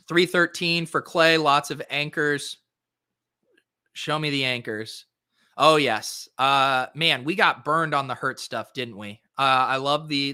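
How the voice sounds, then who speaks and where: A man's voice: medium pitch, pushed and bright, clean tone, no room sound, clean studio sound. A man hosting a fantasy sports show, reviewing lineups in a casual, chatty way with lots of fillers. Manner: chatty, filler-heavy, quick asides. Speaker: fantasy sports podcast host.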